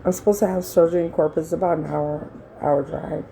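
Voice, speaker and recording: A middle-aged woman tells a rambling story in a casual vlog, blunt and salty, acting out the lines of the people in it. Her voice sits low and mellow. A faint hiss of room noise stays behind her. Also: fairly even intonation, a little fast, creaky, poor audio. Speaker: vlogger.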